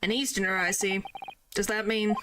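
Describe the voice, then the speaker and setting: Woman doing a gruff Scottish governor. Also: medium pitch, little pitch movement, normal speed, background noise, close to an everyday voice. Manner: curt, dismissive, clipped dialect. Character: gruff Scottish prison governor, older man. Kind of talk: reading game dialogue aloud.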